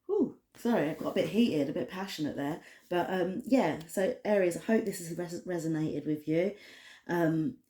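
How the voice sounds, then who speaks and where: A woman from the United Kingdom talks through an oracle card reading in a chatty, passionate way, with many restarts. Her voice is low and mellow, and the room gives it a clear echo. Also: normal speed. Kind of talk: casual spoken card reading to camera.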